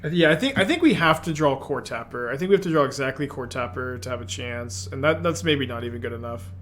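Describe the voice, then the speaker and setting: Brief: man at mid pitch, thinking out loud through an online card game, musing and self-correcting. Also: lively intonation, fast, a little hiss or hum. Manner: musing, self-correcting, half-muttered asides. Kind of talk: thinking aloud while playing.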